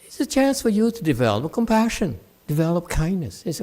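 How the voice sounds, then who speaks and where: A man teaching meditation, blunt and scolding, who mocks his students' excuses and swings between loud outbursts and quiet muttering. English is not his first language. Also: sits high, big pitch swings, a little fast. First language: Chinese. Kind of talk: dharma talk answering students.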